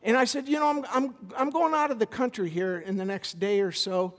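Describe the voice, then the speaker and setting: A man preaching a sermon as a visiting pastor, animated, with stammered restarts as he tells a story. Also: high voice, a little fast, big-room sound.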